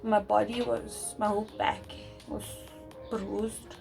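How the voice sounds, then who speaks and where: A young woman telling a personal story to camera, talking loud and fast with many restarts. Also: mid-range voice, gravelly, music in the background, low-quality recording. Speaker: vlogger.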